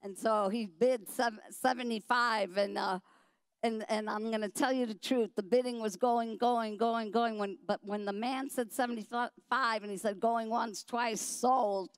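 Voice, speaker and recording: A middle-aged woman telling her story at a dinner, animated and emphatic, acting out the quotes. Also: fairly high pitch, unhurried, smooth, no echo.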